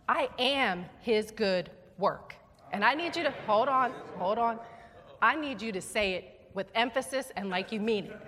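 A woman's voice: medium pitch, fairly bright tone. A woman giving a sermon as a guest preacher, earnest and emphatic, coaxing the congregation to repeat after her. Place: church sanctuary. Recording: long reverb of a church hall.

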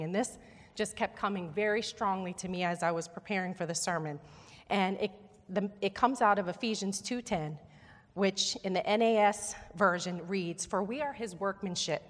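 A woman giving a sermon as a guest preacher, earnest and emphatic, coaxing the congregation to repeat after her. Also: mid-range voice. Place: church sanctuary. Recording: long reverb of a church hall.

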